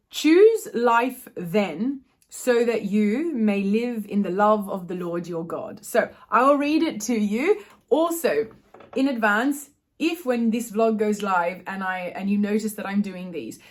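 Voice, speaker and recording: A woman with Irish family ties, chatting to her phone's front camera at home and reading a daily devotional aloud, often stopping to correct herself. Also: mid-range voice. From Ireland. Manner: chatty, self-correcting, reads aloud gently. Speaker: vlogger. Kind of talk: casual vlog with devotional reading.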